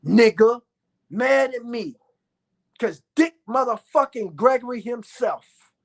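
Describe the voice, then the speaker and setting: A man's voice: very high voice, expressive, slow. Dude ranting on his vlog, bragging and cussing nonstop, repeats himself a lot. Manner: boastful, profane, repetitive. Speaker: vlogger.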